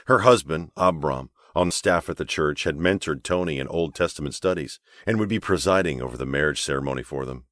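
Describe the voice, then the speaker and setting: A man narrating an audiobook novel with expressive storytelling. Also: extremely low pitch, fairly quick, hardly any pauses, no room sound, clean studio sound. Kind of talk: scripted narration.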